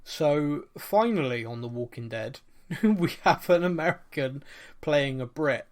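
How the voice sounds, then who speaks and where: A man's voice: fairly high pitch, expressive, measured pace. A British man hosting a casual podcast chat, chatty and fond of mocking posh voices. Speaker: podcast host.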